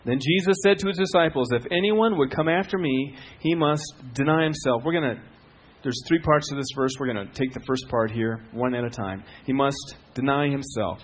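A middle-aged man preaching a sermon as a pastor, telling stories with swings from hushed to loud. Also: mid-range voice, normal speed, hardly any pauses.

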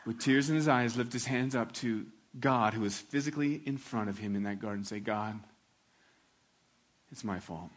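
A pastor preaching a sermon with animated delivery, swinging from loud emphasis to hushed, slow reflection. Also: male voice, mid-range voice.

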